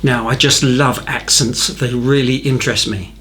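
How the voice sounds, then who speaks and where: A man's voice: mid-range voice, fairly even intonation, normal speed, a bit bright, soft background music. A man with a Southern English accent who narrates a painting tutorial in a friendly, rambling way. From North Kent, England. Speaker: art instructor. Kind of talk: chatty painting tutorial voice-over.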